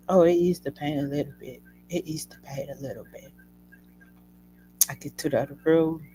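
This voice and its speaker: A woman hosting a show, telling a personal story to her listeners in an emotional, animated way. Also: sits low, moderate pace, long pauses, a little hiss or hum, poor audio. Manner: emotional, animated retelling addressing listeners as y'all. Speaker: host.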